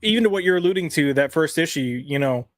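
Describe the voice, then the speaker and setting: A man's voice: on the high side, expressive, fast, no echo, studio quality. A man co-hosting a weekly comics podcast in casual chat, reading lines aloud and checking the live chat.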